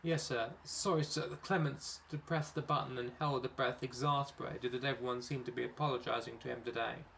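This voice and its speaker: A man of middle pitch narrates a comic story he wrote himself. He reads at a steady pace and now and then trips over a word before he goes on. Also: a little fast, creaky, hardly any pauses, a little hiss or hum, poor audio. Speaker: author and narrator. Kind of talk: reading his own comic story.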